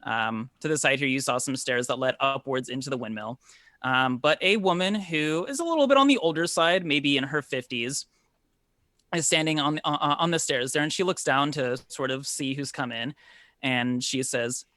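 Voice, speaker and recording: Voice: mid-range voice, moderate pace, bright, forceful tone, no room sound, clean studio sound. A game master narrating a tabletop game scene over a video call, with frequent ums and repeated words. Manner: descriptive, with many ums and repeats.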